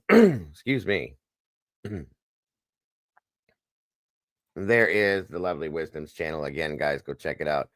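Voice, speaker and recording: A man's voice: sits low, big pitch swings, takes it slowly, pauses often, dry recording, clean studio sound. A man hosting a casual live stream, greeting viewers by name and plugging their channels in a jokey, upbeat way. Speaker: livestream host.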